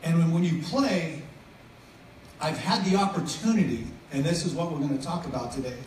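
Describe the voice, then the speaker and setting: A man's voice: a little high, moderate pace, a little mellow. A middle-aged man giving a casual, joking sermon as a guest speaker, chatty and self-interrupting. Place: church venue. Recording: echoey hall from far off, faint noise.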